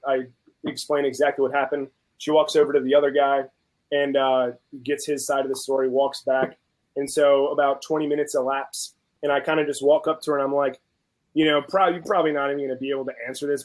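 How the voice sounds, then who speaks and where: A man's voice: mid-range voice, rough recording. A man on a video call, casually telling a story with animation and acting out both sides of an argument. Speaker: guest on video chat. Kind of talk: casual chat.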